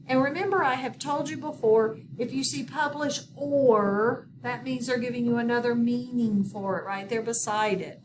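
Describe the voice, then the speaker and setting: A woman teaching a phonics lesson in a recorded video, slow and patient, often checking in with her students. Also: fairly high pitch. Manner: slow, patient, instructive with repeated prompts. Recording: distant mic with background noise.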